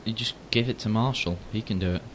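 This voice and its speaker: A man's voice: fairly low pitch, quick pace. A teenage man from England co-hosting a casual podcast chat, joking and teasing his friend. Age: teens. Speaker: podcast co-host. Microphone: headphones with wired mic.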